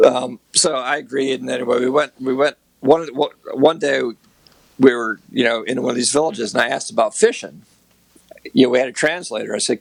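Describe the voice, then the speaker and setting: A man's voice: mid-range voice, a little fast, vocal fry, breathy edge, dry recording. A man, a guest photographer, telling a rambling anecdote in a casual podcast chat, with many fillers. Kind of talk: casual storytelling.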